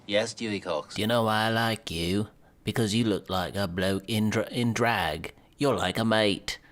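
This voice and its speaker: A man putting on a clumsy impression of a chatty male rock star from Liverpool, halting and correcting himself as he goes. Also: medium pitch, darkish tone, close to an everyday voice. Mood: mock-Liverpool. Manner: halting, self-correcting, admittedly bad impression.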